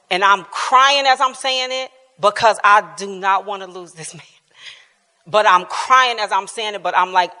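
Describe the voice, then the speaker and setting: A woman in her fifties sharing a personal testimony at a Bible class, telling it in an animated way, laughing often and dropping to quiet tones. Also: mid-range voice, a little slow, in a large hall. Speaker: church speaker sharing testimony. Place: church hall.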